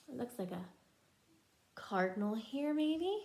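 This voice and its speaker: Lively high-voiced woman reading to preschoolers. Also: takes it slowly. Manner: sing-song, explaining words and making bird sounds. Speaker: preschool teacher reading a picture book. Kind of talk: storybook read-aloud for young children.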